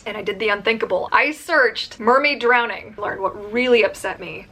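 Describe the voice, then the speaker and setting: A woman's voice: medium pitch, pushed and bright, breathy edge. A woman vlogging to camera about her profession, earnest and emphatic, speaking with open anger. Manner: earnest and emphatic, openly angry; lists points in rapid runs. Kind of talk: direct-to-camera vlog.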